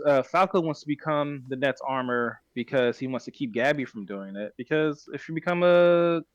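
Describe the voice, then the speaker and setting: A man's voice: mid-range voice, dry recording. A man hosting a podcast, recapping a story in casual chat and often correcting himself mid-sentence. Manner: rambling, self-correcting retelling. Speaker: podcast host.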